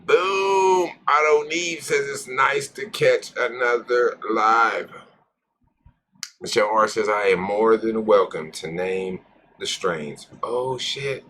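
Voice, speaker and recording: A man's voice: lowish voice, takes it slowly, pushed and bright, slight background noise. Profane, rambling male live-streamer. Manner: rambling, profane, joking with viewers. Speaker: cannabis live-stream host. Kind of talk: casual live-stream chat.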